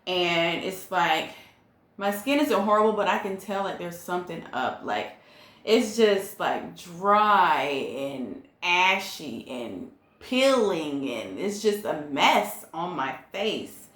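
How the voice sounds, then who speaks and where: Slow, chatty woman in an echoey room. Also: fairly low pitch. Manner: chatty, relaxed, many ums and likes. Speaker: pregnancy vlogger. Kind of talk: casual chat to camera.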